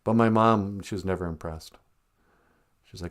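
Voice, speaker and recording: A man's voice: sits low, normal speed. A man hosting a casual live-stream podcast, telling jokey stories and laughing often. He is outdoors on a back porch. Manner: joking storyteller, laughs often. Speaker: podcast host.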